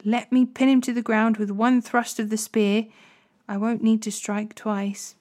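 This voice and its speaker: A woman reading the hushed lines of an eager male soldier, Abishai. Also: fairly high pitch, level tone, a little slow, close to an everyday voice. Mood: urgent whisper.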